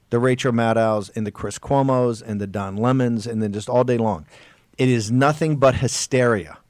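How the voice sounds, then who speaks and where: A man hosting a political talk radio show, exhorting his listeners with emphatic, drawn-out stressed words and frequent restarts. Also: mid-range voice, a little mellow, dry recording, clean studio sound.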